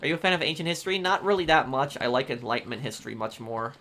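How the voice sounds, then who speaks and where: Animated and rapid-fire, this man speaks in a bright, forceful mid-range voice, with slight background noise in the recording. During a casual game stream he easygoingly reads out viewer messages and thanks them repeatedly, one after another.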